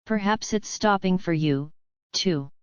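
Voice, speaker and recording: A woman's voice: lowish voice, measured pace, smooth, no room sound, close to an everyday voice. A woman voicing a zany, cheerful male tea-party host who talks in riddles, recorded dull and lo-fi.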